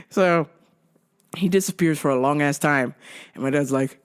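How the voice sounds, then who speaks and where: A woman's voice: sits low, a little fast, smooth. A woman hosting a podcast, telling a crude comedic story with lots of laughter. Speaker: podcast host.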